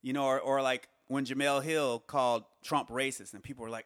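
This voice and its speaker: A man giving a casual spoken monologue, reasoning aloud with rhetorical questions and halting restarts. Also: mid-range voice, fairly even intonation, fairly bright tone, no room sound, studio quality. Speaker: commentator on society.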